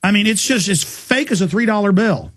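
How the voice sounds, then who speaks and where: Guy hosting a political talk show, high voice, fired up and punchy, rattling it off. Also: expressive, fairly bright tone. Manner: fiery, emphatic and rapid-fire.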